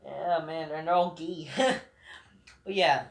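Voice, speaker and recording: A man's voice: a little high, takes it slowly, vocal fry. Brief: a male vlog host in a heated, swearing, rambling rant, recorded in a roomy, echoing space. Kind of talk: profane rant.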